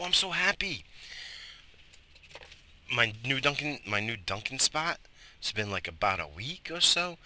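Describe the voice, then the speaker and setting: A man's voice: sits low, pushed and bright, a little hiss or hum. A middle-aged man, tired and coughing, rambling profanely in a casual morning vlog. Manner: profane, rambling, loose and chatty. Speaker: vlogger.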